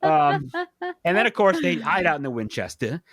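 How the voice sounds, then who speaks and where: A man's voice: moderate pace, a loud crowd. A man hosting a podcast, casually talking through a movie and acting out its lines with big jumps in voice. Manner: animated, acts out quoted lines with big pitch jumps. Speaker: podcast host.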